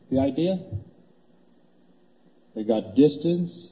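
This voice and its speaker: Heard on tinny old tape in a reverberant hall, a man of medium pitch lectures conversationally at a moderate pace, leaving long pauses. He goes through graphs on a board, repeats points and plays out small exchanges.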